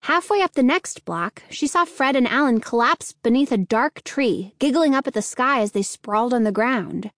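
A woman reading a children's story aloud in slow, measured narration. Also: fairly high pitch, lively intonation, a bit bright, no echo, studio quality.

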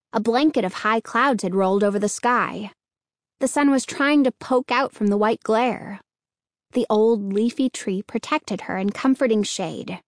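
A woman narrating a children's audiobook in a steady, clear storytelling manner. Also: on the high side, dry recording, studio quality.

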